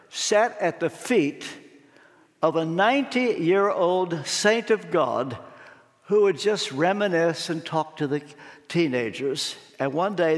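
A high-pitched man delivers an unhurried sermon with expressive storytelling and sudden hushed drops. His voice carries a long, echoing hall reverb. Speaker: preacher.

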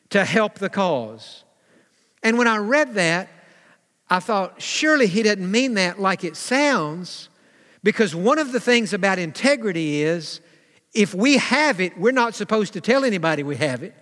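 A man preaching a sermon as pastor, slowing down for emphasis and acting out the voices of people he quotes. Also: sits high, fairly bright tone, long reverb tail. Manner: preaching with dramatic slowdowns and acted-out quotes.

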